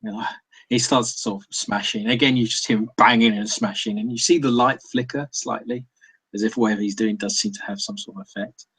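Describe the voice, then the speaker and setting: A man's voice: lowish voice, fairly even intonation, a little fast, fairly bright tone, husky, poor audio. A man running a tabletop game as game master, hesitant and full of fillers, often laughing.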